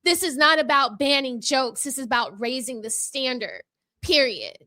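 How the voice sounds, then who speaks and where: A woman's voice: high-pitched, lively intonation, moderate pace, bright, forceful tone, no room sound. A woman hosting her own channel, giving an impassioned commentary with a sassy, emphatic, mock-courtroom delivery into a microphone. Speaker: channel host.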